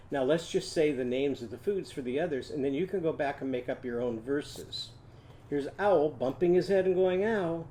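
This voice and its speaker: A man teaching a children's phonics lesson, drilling sounds in a slow, clear, sing-song way. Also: mid-range voice, warm tone, slight background noise. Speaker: literacy teacher.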